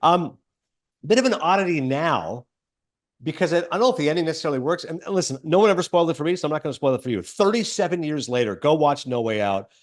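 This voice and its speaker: A man's voice: a little high, expressive, fast talker. A man hosting a casual film podcast, reading trivia aloud with enthusiastic asides. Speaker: podcast host.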